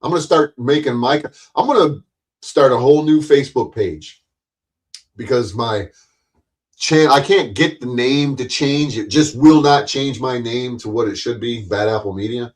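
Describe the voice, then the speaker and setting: A man rants on his own live stream, cursing and mocking his viewers. His voice sits at a middling pitch, and he talks straight at his audience in a combative way. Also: normal speed. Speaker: livestream host. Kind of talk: ranting live stream monologue.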